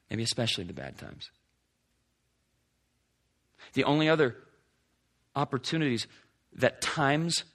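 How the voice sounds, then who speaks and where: Husky-voiced male preacher. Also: mid-range voice. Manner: dynamic preaching, swings from emphatic to hushed. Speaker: pastor. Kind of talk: sermon.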